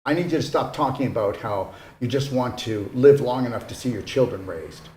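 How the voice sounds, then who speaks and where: A man's voice: medium pitch, fairly quick, few pauses, darkish tone, slight background noise. A man giving a casual, earnest motivational talk as a wellness retreat host, coaxing his listeners and often checking in with "okay?". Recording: echoey room.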